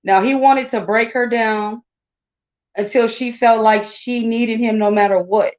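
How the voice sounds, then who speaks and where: A woman's voice: fairly high pitch, steady tone, a little slow, highs cut off. A woman in her forties giving blunt, indignant casual commentary and talking straight to her viewers with frequent asides. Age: 40s. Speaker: commentary channel host.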